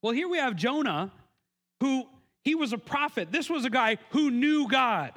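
Casting: male pastor, high bright voice, earnest conversational sermon, stammered restarts. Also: expressive, normal speed. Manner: acts out quotes with raised pitch and emphasis.

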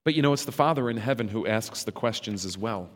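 A man giving a reflective devotional talk, reading scripture questions slowly and dramatically. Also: lowish voice, animated, big-room sound. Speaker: preacher.

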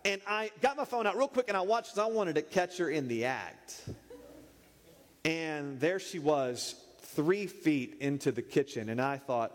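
A man's voice: a little high, unhurried. Playful preacher man, echoey hall. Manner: animated, playful storyteller. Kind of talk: humorous sermon storytelling.

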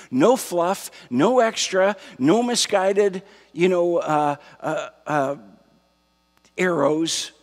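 Male pastor, slow gravelly delivery, husky tone, reverberant sanctuary sound. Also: fairly high pitch. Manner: slow, emphatic preaching with repetition. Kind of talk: sermon. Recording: long hall reverb.

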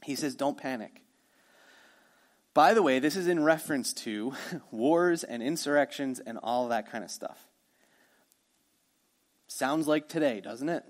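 A male pastor preaching a sermon in a conversational way, swinging from emphatic lines to hushed ones. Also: medium pitch, measured pace, pauses often.

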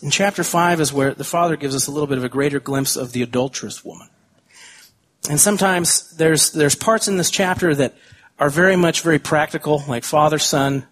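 Brief: husky, fairly high-voiced male pastor, casual sermon with tangents. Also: fairly bright tone. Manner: conversational, wanders into side tangents; reads scripture slowly and deliberately.

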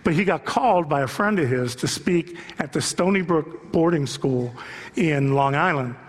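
A male pastor with a high voice delivers a sermon in animated storytelling fashion, building to impassioned shouts. His voice rings out with a long reverb, as in a large hall. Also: normal speed.

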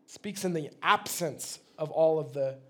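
A man's voice: on the high side, measured pace. A man, a pastor, delivering a sermon in a conversational, plain-spoken way.

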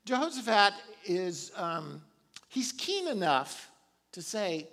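A man's voice: high voice, big pitch swings, slow, creaky, pushed and bright. A man preaching a sermon, retelling a Bible story casually with chuckles and asides. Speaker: pastor.

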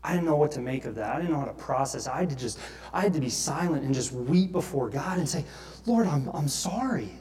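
A pastor with a mid-range, darkish voice preaches a sermon at a quick pace. He reads scripture aloud earnestly and grows impassioned as he confesses his own failings.

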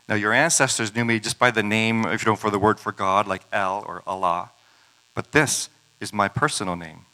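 A man's voice: fairly low pitch, steady tone, normal speed, pushed and bright, rough recording. A man preaching a sermon, retelling scripture stories in a conversational way with casual asides.

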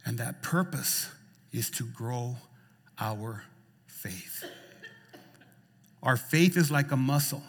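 A man's voice: mid-range voice, lively intonation, takes it slowly, pauses often. Impassioned preacher man in a reverberant hall. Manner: impassioned preaching, repeats phrases, swings loud and soft. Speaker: pastor. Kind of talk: sermon. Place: church sanctuary.

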